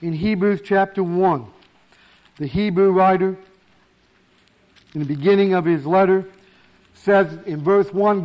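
A man preaching a sermon, emphatic, slowing down to stress key words. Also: sits high, darkish tone.

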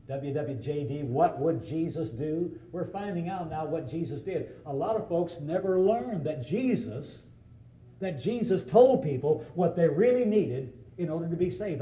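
Man, preacher, earnest, emphatic, sermon, slightly high voice, mellow tone. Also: roomy sound, slight background noise, low-quality recording. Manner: earnest, emphatic, reads scripture aloud then explains it.

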